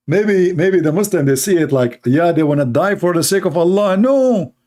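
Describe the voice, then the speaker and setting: A man's voice: sits high, darkish tone. A man giving a mocking commentary on religion, telling sarcastic stories and mimicking other people's voices.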